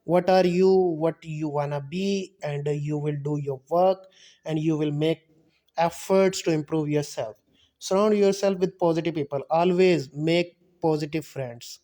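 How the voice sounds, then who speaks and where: A man teaching a spoken English lecture over slides, halting and often correcting himself as he explains. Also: a little high, mellow. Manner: halting, self-correcting, repeats words while explaining.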